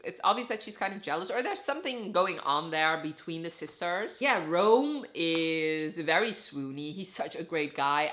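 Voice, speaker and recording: A woman's voice: lowish voice, fairly bright tone. A woman chatting casually as a book reviewer, talking through her reading plans and thoughts with lots of "like" and "so" fillers. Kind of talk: casual book vlog chat.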